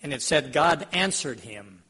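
A man's voice: fairly high pitch, expressive, unhurried, sharp tone, breathy edge. A man preaching a sermon, retelling scripture in everyday words and putting questions to his listeners in a conversational way. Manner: conversational, asks the audience questions.

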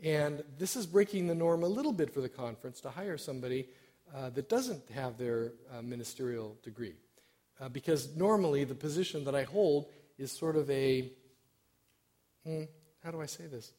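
A man's voice: medium pitch, moderate pace, warm tone. A middle-aged man giving an informal sermon as a church stewardship director, self-deprecating and hesitant, with many fillers.

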